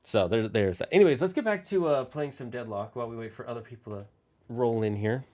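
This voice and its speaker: A man of ordinary middle pitch talks to his live chat while he plays a video game. He rambles from one thought to the next, in a loose, casual way. He speaks into a desk microphone. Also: expressive, fast, a little mellow. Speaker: streamer.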